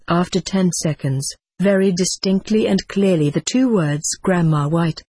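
A narrator reading a first-person memoir aloud in a steady, unhurried audiobook style. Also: mid-range voice, breathy edge, no echo.

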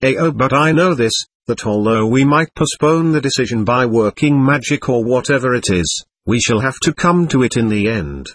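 Brief: male reader as reserved middle-aged man, husky, measured and sober, dry close sound. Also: medium pitch, expressive, no echo, lightly acted. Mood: earnest.

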